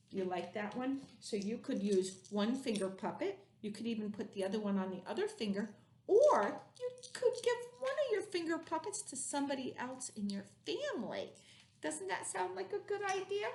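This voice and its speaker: A woman teaching a remote preschool lesson, reading rhymes and chatting to little children. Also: sits high. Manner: slow, singsong, animated storytelling. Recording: roomy echo, faint background noise.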